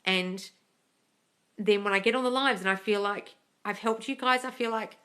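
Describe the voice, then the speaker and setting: A woman coaching her viewers on a live stream, speaking in a casual, earnest way. Her voice sits in an ordinary middle pitch. She pushes her points hard and openly shares her own setbacks. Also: normal speed, bright, forceful tone. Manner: earnest, emphatic, confessional. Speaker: manifesting coach hosting a live Q&A.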